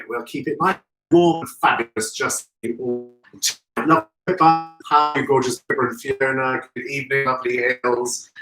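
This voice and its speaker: Hosting a live florist show, a man with a fairly high, bright, forceful voice chats effusively and greets viewers by name. The room is echoey and he sounds distant from the mic.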